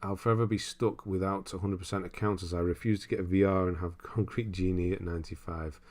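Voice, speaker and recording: A man's voice: low voice, fairly even intonation, fast. A man streaming games and chatting casually as he reads viewer comments, rambling and laughing often. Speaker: streamer host. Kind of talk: casual livestream chat reading viewer comments.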